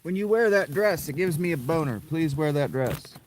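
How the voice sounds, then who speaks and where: A lovestruck young man begs at the top of his voice, high and overblown, his pitch leaping all over the place, as a man puts him on. He sounds frantic and theatrical. Faint noise sits in the background. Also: expressive, normal speed, lightly acted. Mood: pleading. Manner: loud, pleading, over the top. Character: eager lovestruck young man begging loudly.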